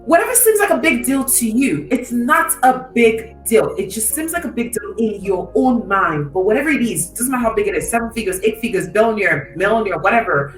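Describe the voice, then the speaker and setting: A woman speaking as a podcast guest and mindset coach, telling a story in an animated, emphatic way and repeating her key phrases. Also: on the high side, a little fast, few pauses. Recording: echoey distant mic with faint music.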